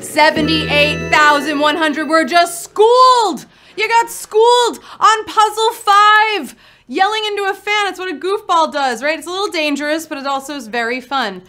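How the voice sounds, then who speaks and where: A woman's voice: high voice, normal speed, hardly any pauses, sharp tone, faint music behind. A woman hosting a live word game show, talking in a playful, upbeat patter full of puns.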